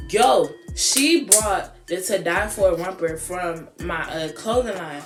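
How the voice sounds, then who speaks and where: A woman beauty vlogger telling a casual storytime in a sassy, animated way, stretching out words. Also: medium pitch, a little slow, hardly any pauses. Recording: echoey room with music behind.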